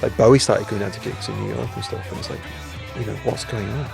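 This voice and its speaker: Fast, gravelly man reminiscing. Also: lowish voice, steady tone, music in the background. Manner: rapid, rambling, filler-heavy talk. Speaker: band member. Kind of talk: reminiscing interview.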